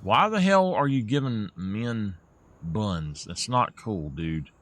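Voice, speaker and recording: A man's voice: fairly low pitch, animated, slow pace, fairly bright tone. A man with a Southern US accent, chatting casually while streaming a game and laughing at his own jokes. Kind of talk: casual live-stream chat.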